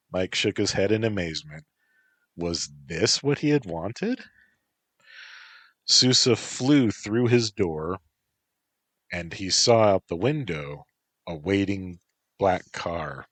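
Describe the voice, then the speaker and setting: A man narrating a story in a calm, even storytelling manner. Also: sits low, takes it slowly, long pauses, no echo.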